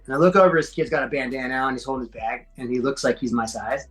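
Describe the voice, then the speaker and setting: Middle-aged so-cal dude telling old fight stories, loose and slangy, jumps into voices, faint music under. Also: male voice, medium pitch, fast talker, low-quality recording. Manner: animated, acts out quoted voices, slangy. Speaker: podcast guest, former MMA fighter. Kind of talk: casual storytelling.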